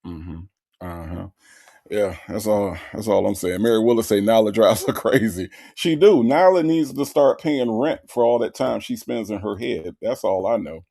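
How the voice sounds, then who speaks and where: A man hosting a show, giving sarcastic, animated commentary on a clip. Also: on the low side, normal speed, vocal fry. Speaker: host.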